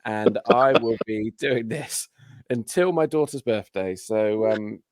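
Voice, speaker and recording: A man with a sore throat, hosting a podcast in a relaxed, rambling chat. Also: on the low side, takes it slowly, dry recording. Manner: rambling, relaxed, filler-heavy. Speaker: podcast host. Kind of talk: casual chat.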